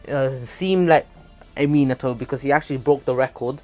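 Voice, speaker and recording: A man's voice: medium pitch, fairly quick, warm tone, soft background music. Casual male narrator for a fan retelling, rambly, jokey asides. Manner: rambling, many fillers and restarts, jokey asides.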